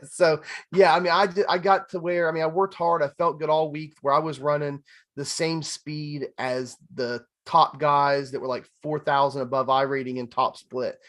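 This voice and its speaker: A man's voice: a little high, fairly even intonation, normal speed, fairly bright tone. A man, hosting a podcast in casual chat and telling stories animatedly, laughing often. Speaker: podcast host.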